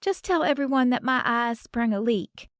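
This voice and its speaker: A woman's voice: normal speed, no echo, clean studio sound, close to an everyday voice. A woman narrator voicing an effusive, folksy grandmother in her sixties with a lyrical Southern accent, in an audiobook. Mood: teasing. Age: 60s. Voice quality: lyrical, higher and brighter. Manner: effusive, folksy, playfully bossy. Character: warm older Southern grandmother, former star singer.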